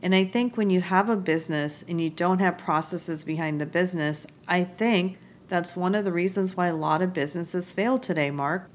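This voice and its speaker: A woman hosting a podcast, chatting and asking her guest questions in a friendly, conversational way. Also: lowish voice. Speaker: podcast host. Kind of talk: casual interview chat.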